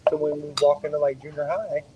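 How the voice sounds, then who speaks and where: A man's voice: a little high, little pitch movement, fast, lo-fi sound, slight background noise. A man hosting a casual podcast chat in a restaurant, talking loosely with lots of swearing and joking. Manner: loose, profane, joking banter. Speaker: podcast host. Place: waffle restaurant.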